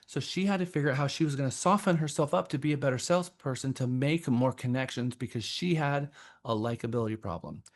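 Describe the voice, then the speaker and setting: A man teaching a sales class in a relaxed, conversational way, calling on people and asking questions. His voice sits at a mid pitch for a man. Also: fast talker. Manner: conversational, asks the group questions. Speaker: sales trainer. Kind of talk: classroom instruction.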